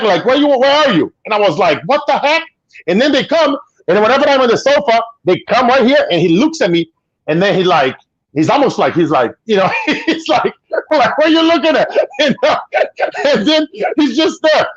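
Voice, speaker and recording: Animated Brazilian-accented man, high lively voice. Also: no echo, dull audio. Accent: Brazilian Portuguese. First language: Portuguese. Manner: animated storyteller, swears casually, acts out voices. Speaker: guest. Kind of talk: casual chat on a video call.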